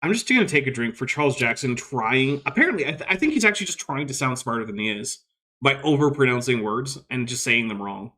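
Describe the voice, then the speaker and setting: A man hosts a relaxed livestream. His voice sits at an ordinary middle pitch, and he reads out chat comments and answers them with dry, skeptical asides spoken close to a desk mic. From United States. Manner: wry, skeptical, quick asides. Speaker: host. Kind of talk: casual livestream chat reading viewer comments.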